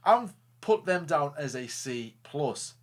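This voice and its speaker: A man co-hosting a casual racing talk show, joking, animated and stumbling over restarts. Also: fairly high pitch, takes it slowly. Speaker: co-host. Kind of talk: casual chat.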